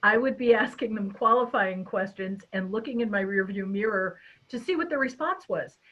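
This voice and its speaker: An expressive woman hosting a webinar over a video call. Her voice has a middle pitch, and the call audio sounds slightly dull. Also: normal speed. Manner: expressive, chatty. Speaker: webinar host. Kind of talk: casual webinar chat.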